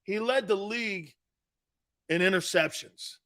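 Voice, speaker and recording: A man's voice: high-pitched, lively intonation, measured pace, a bit bright. A middle-aged man, a former player turned sports talk host, giving blunt, emphatic opinions and calling the listener "dude".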